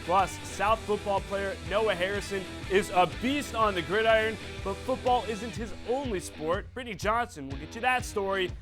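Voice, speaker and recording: A man hosting a local sports show, calling highlights in a playful, hyped, slangy way. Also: normal speed, hardly any pauses, over music. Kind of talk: energetic sports highlight commentary.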